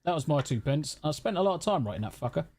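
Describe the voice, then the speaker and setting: A man's voice: a little high, very animated, fast talker, a crowd in the background. A man hosting a casual online chat show, blunt and swearing freely. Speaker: podcast host.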